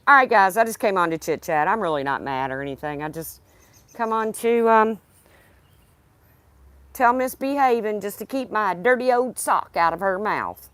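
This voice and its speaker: A woman's voice: medium pitch, lively intonation, normal speed, fairly bright tone, dry recording. A woman chatting casually on a livestream, rambling and talking to her dog. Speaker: livestream host.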